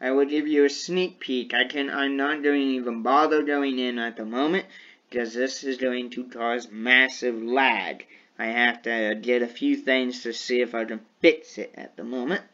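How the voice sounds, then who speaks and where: A man from the United States talking over gameplay in a slow, deliberate way, repeating words as he thinks. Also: medium pitch, fairly even intonation, bright, forceful tone, lo-fi sound. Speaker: gaming video creator. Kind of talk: gameplay commentary.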